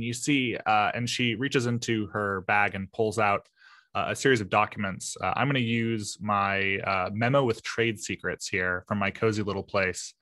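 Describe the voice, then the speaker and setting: A man's voice: lowish voice, fairly even intonation, moderate pace, sharp tone, no echo, studio quality. A man playing in a tabletop mystery game, hesitant and polite as he speaks for his character. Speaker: player. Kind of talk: casual chat in a tabletop game.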